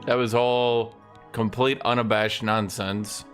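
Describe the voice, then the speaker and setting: A man's voice: medium pitch, flat delivery, takes it slowly, fairly bright tone, faint music behind. A man giving casual gameplay commentary, full of incredulous, mocking asides. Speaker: gaming streamer.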